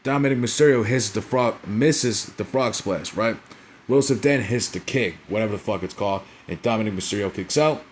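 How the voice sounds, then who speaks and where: Rambling young man recapping, low voice. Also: a little fast, slight background noise. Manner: profane, rambling, lots of filler tags like "right?" and "you know what I'm saying?". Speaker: wrestling show reviewer. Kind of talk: casual recap and commentary.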